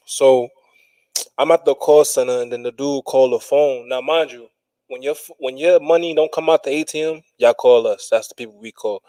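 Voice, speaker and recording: A man co-hosting a podcast, telling a story in a relaxed, wry way and laughing at his own tale. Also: mid-range voice, moderate pace, no echo, low-quality recording. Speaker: podcast co-host. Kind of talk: casual storytelling chat. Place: small studio room.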